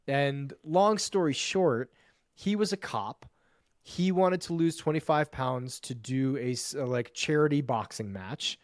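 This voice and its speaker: A man telling a personal story as a podcast guest and men's coach, emphatic and profane, piling up quick lists. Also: medium pitch, no echo, clean studio sound. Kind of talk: animated storytelling in conversation.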